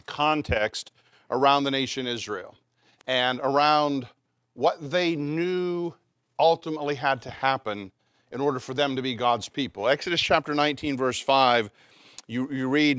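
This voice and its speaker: A man's voice: medium pitch, measured pace, a bit bright, dry recording, studio quality. A man preaching a Palm Sunday sermon to his congregation in a loose, conversational way, full of fillers and restarts. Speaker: pastor.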